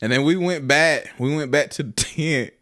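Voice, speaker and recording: A man's voice: fairly high pitch, normal speed, sharp tone. A young man, telling a profane, laughing story as a podcast co-host. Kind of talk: casual storytelling.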